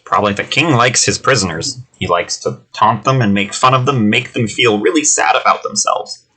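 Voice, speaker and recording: A man's voice: on the low side, moderate pace, pushed and bright, husky. A man narrating as game master of a tabletop game, loose and full of fillers.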